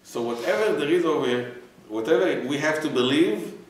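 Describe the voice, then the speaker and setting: With a voice on the high side and lively intonation, a rabbi leads his weekly Torah class at a normal speed, quizzing students and using Hebrew phrases. The room echoes and the mic is far away.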